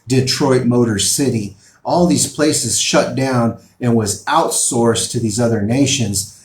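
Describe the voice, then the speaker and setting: A man's voice: mid-range voice, reverberant. A man giving opinion commentary, reading out news articles and pressing his points emphatically. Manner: emphatic, rising and falling in bursts.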